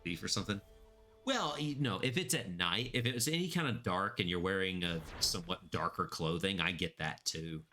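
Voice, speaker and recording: Male streamer, deep and crisp-edged, loose rambling chat, laughs a lot. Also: expressive, a little fast, sharp tone, faint music behind. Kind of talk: casual gameplay commentary.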